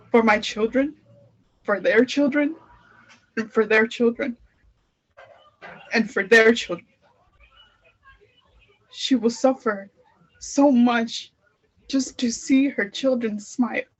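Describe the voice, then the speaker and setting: A teenage girl student reciting her own poem in a slow, earnest way. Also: on the high side, breathy edge, dull audio. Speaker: student poet.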